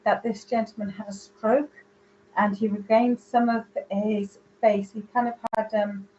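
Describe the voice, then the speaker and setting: A woman's voice: medium pitch, flat delivery, unhurried, mellow, highs cut off, a little hiss or hum. Woman giving a live psychic reading. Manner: relaying messages directly to viewers by name. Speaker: psychic medium.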